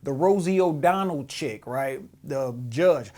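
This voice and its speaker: Reacting to a clip in casual commentary, this podcast host gets heated and profane, frequently restarting and repeating words. He has a fairly high, expressive, unhurried voice with a darkish tone.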